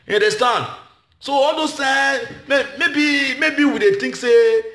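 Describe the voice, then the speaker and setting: Nigerian Pidgin-speaking male comedian, high voice, passionate speech in a roomy space. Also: unhurried, pushed and bright. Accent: Nigerian Pidgin English. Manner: emphatic, repetitive, shifts between Pidgin and English. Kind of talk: impassioned speech to a gathering.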